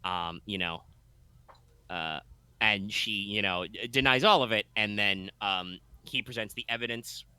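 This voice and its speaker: A man's voice: fairly low pitch, a little slow, pushed and bright, smooth, no echo. A man narrating a tabletop game as game master, rambling with many fillers and restarts.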